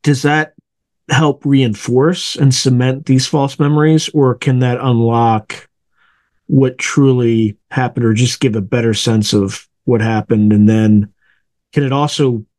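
A male host asks his guest long, careful questions, hunting for the right words as he speaks. His voice sits at an average pitch for a man. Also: fairly even intonation, a little slow, darkish tone, dry recording. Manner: thoughtful, searching for words while asking. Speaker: interviewer and host. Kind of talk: interview questions.

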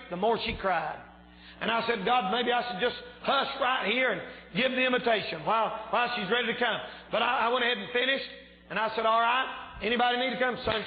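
A man preaches a fervent revival sermon, shouting out his points with a slightly strained voice. His voice sits high for a man. The recording is tinny and phone-like, with a long church-hall echo. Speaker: pastor.

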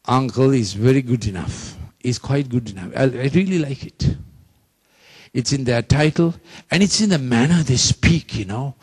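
A man's voice: medium pitch, a little mellow, breathy edge. A man preaching a sermon, repeating phrases emphatically and leading the congregation in call-and-response.

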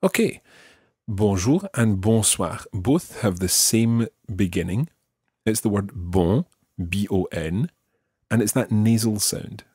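A man with a Scottish accent teaching a podcast language lesson, patiently modelling words slowly and carefully. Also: on the low side, expressive, a little mellow, husky, dry recording, studio quality. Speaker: French teacher.

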